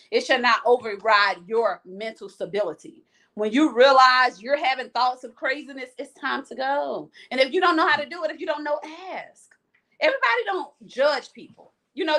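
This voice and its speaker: A woman's voice: fairly high pitch, fairly bright tone. A woman hosting a live chat show. She talks to her viewers frankly and with energy, and reads out their comments. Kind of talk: casual livestream talk, reading viewer comments.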